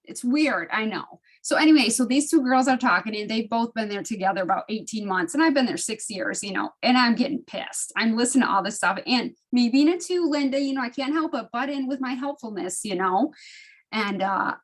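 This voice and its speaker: A woman in her fifties shares personal stories with her study group over a video call. She talks in an animated, emotional way, her voice jumping up as she gets caught up in the telling, and she often starts a sentence over. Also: fairly high pitch, brisk. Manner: animated, emotional storytelling with frequent restarts. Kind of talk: casual personal sharing.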